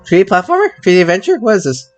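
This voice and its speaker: High-voiced man, joking streamer. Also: wildly swooping pitch, racing, muffled recording, soft background music. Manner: joking, rambling, restarts often. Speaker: streamer reacting to a showcase. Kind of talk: casual reaction chat.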